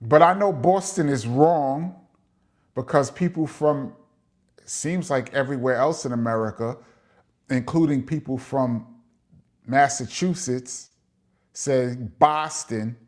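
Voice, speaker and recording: A middle-aged man with a New York accent hosts a casual live chat, reading viewer comments aloud and giving long-winded shout-outs. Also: medium pitch, slow, pauses often. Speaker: host of a live chat show.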